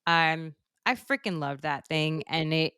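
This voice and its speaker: A woman hosts a casual podcast chat in a low, smooth, resonant voice. She talks with open emotion, gushing and laughing. The sound is dry and close. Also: measured pace, bright, forceful tone, dry recording. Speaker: podcast host.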